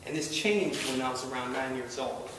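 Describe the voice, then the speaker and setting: A man's voice: medium pitch, moderate pace. A man telling a wry, self-deprecating personal story live to an audience that laughs along. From Baltimore. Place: live event hall with audience. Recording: echoey hall, distant mic, noisy.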